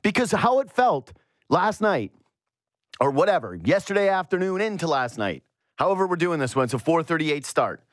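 A man hosting a solo sports talk show, ranting in an animated, exasperated way. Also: on the high side, moderate pace, dry recording, studio quality. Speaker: sports radio host.

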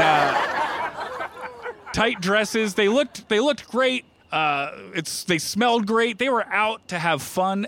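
A man's voice: sits high, bright, forceful tone, a little hiss or hum. A middle-aged man from New Jersey doing a stand-up routine on a comedy club stage, telling self-mocking stories with playful asides to the crowd. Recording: live stage mic with audible room ambience.

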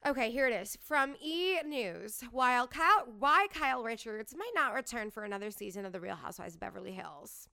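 A young adult woman hosting a podcast, chatting casually and full of fillers and quick asides. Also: a little high, expressive, creaky, sharp tone, clean tone. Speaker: podcast host. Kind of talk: casual chat, reality TV gossip.

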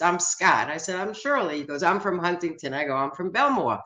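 A woman's voice: fairly low pitch, moderate pace, few pauses, low-quality recording. Brash joking woman in her seventies. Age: 70s. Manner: brash, joking, animated storyteller. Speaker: guest. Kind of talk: casual storytelling.

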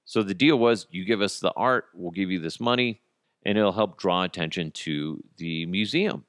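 A man in his thirties hosting a solo comedy podcast, ranting in an animated, self-mocking way and jumping into quick impressions. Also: low voice, no room sound, studio quality. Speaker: podcast host.

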